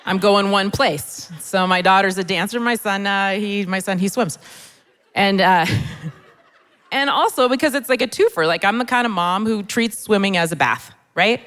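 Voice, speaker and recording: A woman's voice: mid-range voice, fairly bright tone. A middle-aged woman performing self-deprecating stand-up comedy on a church hall stage, chatty and conversational. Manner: self-deprecating, conversational, pausing for audience laughs. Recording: long hall reverb.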